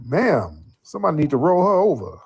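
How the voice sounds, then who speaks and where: A man's voice: on the high side, wildly swooping pitch, a little fast, a little mellow, breathy edge. A man hosting a call-in livestream, talking bluntly and mocking his callers. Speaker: livestream host. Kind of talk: livestream commentary.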